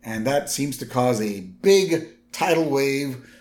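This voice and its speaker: A man co-hosting a podcast, casually recapping a cartoon episode in a relaxed storytelling way. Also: mid-range voice, slow pace. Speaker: podcast co-host. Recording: roomy echo.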